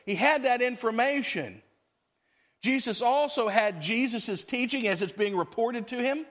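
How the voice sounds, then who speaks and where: A man's voice: very high-pitched, lively intonation, unhurried, fairly bright tone. A man preaching a sermon as pastor, talking to his congregation in a conversational way and acting out quotes.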